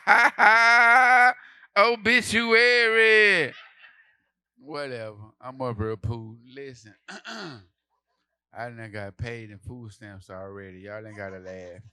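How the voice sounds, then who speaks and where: A man performing a stand-up comedy set for a live audience, telling stories loudly and playing out the quotes. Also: mid-range voice, smooth, no room sound. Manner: loud, animated storytelling with acted quotes.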